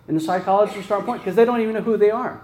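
A man with a fairly high voice preaches in a loose, conversational way, checking in with his listeners through frequent "right?" and stopping to restart his phrases. His voice rings around an echoey room. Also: racing, darkish tone. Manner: casual, peppered with "right?" tag questions and restarts. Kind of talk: conversational sermon.

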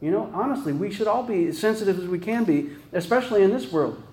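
A man's voice: sits high, lively intonation, quick pace, darkish tone, roomy sound. A man giving a conversational sermon, often tossing in "right?" and restarting his sentences. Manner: casual, peppered with "right?" tag questions and restarts. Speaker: preacher.

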